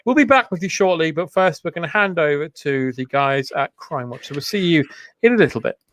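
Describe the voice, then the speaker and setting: A man's voice: a little high, expressive, brisk, fairly bright tone, no echo. A man co-hosting a comedy podcast, riffing playfully in casual banter. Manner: riffing, playful, mock-broadcaster asides.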